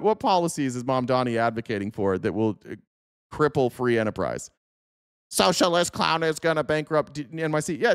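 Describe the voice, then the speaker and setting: A man's voice: medium pitch, smooth, no echo, clean studio sound. A man hosting a livestream, reacting to political clips with sarcastic, profane casual commentary.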